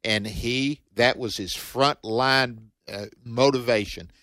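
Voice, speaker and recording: A man with a Southern accent, a preacher co-hosting a radio ministry show, talking in a steady, sermon-like way. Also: medium pitch, slow, no echo.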